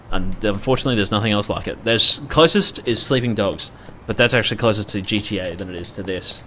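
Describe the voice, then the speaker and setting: A man's voice: lowish voice, bright, forceful tone, slight background noise. A young man chatting loosely as a gaming streamer, rambling and swearing freely. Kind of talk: casual live-stream commentary.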